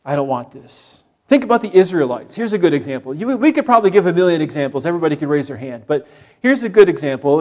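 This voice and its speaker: A middle-aged man preaching a sermon in an animated way, acting out the complaining voices he quotes. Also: high-pitched. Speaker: pastor.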